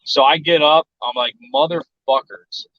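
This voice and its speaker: A man's voice: mid-range voice, normal speed, no echo, phone-quality sound. A man from South Texas telling a story in casual chat, blunt and profane, and he acts out the voices of other people. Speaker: podcast guest.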